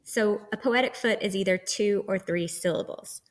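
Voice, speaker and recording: Woman, teacher, recorded lecture, patient, step-by-step explaining, medium pitch. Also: moderate pace.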